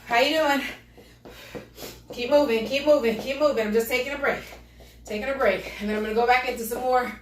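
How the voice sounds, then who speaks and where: A fitness instructor with a fairly high voice leads a live workout from home, breathless and upbeat as she calls out moves and greets viewers, talking fast in a steady tone. She sounds a bit distant from the mic, and the room is echoey with faint background noise.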